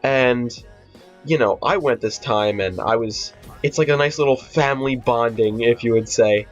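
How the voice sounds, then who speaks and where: A teenage boy tells a rambling, profane story in casual vlog style, with steady fillers and restarts. His voice sits at a medium pitch. The audio is dull and lo-fi with faint music underneath. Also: normal speed. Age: teens. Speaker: vlogger.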